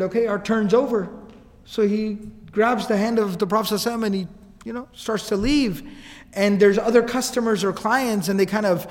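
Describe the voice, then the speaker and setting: A man's voice: high-pitched, long reverb tail. A man telling a story as a casual lecture, acting out the quoted lines. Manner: animated, acts out quotes, casual asides.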